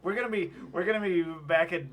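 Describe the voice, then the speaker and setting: A man's voice: sits high, fast talker, a bit bright, a little hiss or hum. A man keeping score in a casual party game, joking and laughing often. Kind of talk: casual chat.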